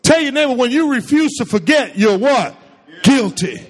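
Male preacher, very high voice, lively swooping delivery, call-and-response, echoing hall. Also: moderate pace. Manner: call-and-response preaching, asks the congregation questions. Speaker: pastor. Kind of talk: sermon.

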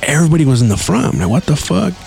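A man's voice: a little high, sing-song, rapid-fire, vocal fry, a little mellow. Man, podcast host, casual storytelling, heavy swearing, slang with Spanish words mixed in, faint music behind.

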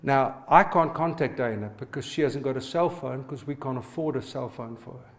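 A man's voice: mid-range voice, moderate pace. A middle-aged man, a pastor preaching a sermon and telling personal stories, often turning to ask the congregation to respond. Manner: personal storytelling, asks the audience to respond.

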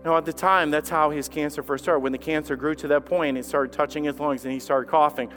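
Impassioned high-voiced male preacher. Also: fairly even intonation, brisk, soft background music. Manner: impassioned, swinging between hushed and loud, repeating phrases. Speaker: lead pastor. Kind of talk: sermon.

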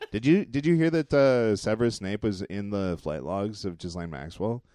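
A man's voice: lowish voice, normal speed, dark tone, no room sound. A man co-hosting a podcast in casual comedic chat, laughing often and joking around. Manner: laughing often, jokey, slips into silly voices. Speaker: podcast co-host.

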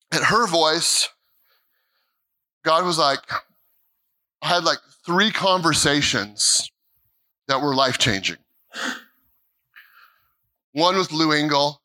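An American man in mid-life preaches from a church platform, his voice ringing and brightly forceful. He sits a touch high for a man and tells his story in emphatic bursts, stumbling over restarts and repeating lines for weight. He acts out the dialogue as he goes. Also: slow, pauses often, rough recording. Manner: animated storytelling with repeated phrases and quoted dialogue. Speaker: pastor. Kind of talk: sermon. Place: church sanctuary.

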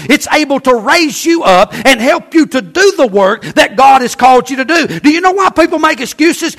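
An older man preaching a sermon as pastor, with call-and-response and emphatic, drawn-out delivery. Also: very high-pitched, fairly bright tone.

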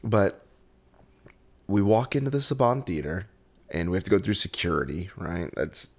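A man's voice: low-pitched, sing-song, normal speed. A man telling a story in a casual, rambling way, with lots of fillers and laughter. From Southern California.

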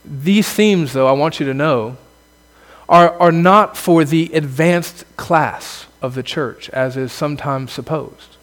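A man preaching a sermon as a pastor, earnest, building to emphatic exclamations and then dropping low. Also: slow, long reverb tail.

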